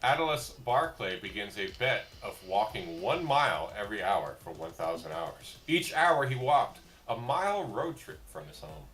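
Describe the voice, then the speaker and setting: A man's voice: fairly low pitch, big pitch swings, moderate pace, hardly any pauses, fairly bright tone. A man co-hosting a casual group chat, reading history dates with dry joking asides. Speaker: co-host.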